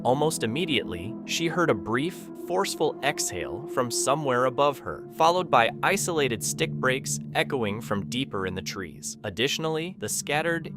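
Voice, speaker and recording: A man giving a measured, scripted narration of an eerie account. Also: mid-range voice. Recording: voice-over with music behind.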